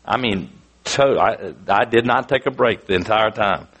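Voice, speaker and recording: A man preaching a sermon, telling a personal story in an earnest, animated way with frequent restarts. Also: on the low side, a little slow.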